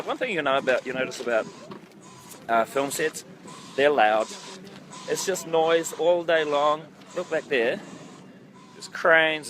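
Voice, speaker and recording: The recording is rough: a film director with a medium-pitched, slightly bright voice walks an outdoor set by a lake, phone at arm's length, livestreaming casually over set noise. He's rambly and self-mocking, jokes around, and uses lots of ums.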